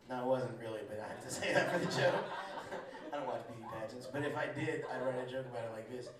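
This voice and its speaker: A man's voice: medium pitch, brisk, far from the mic. A man doing a stand-up set, laid-back and rambling, laughing at his own jokes. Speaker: stand-up comedian. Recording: echoey room recorded from afar with a crowd.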